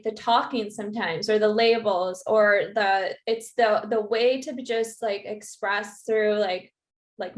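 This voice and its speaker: A woman guest on a podcast talking casually, halting often with "like" and "um" as she searches for words. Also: on the high side. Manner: halting, full of "like" and "um". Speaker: podcast guest, retreat host. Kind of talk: casual conversation.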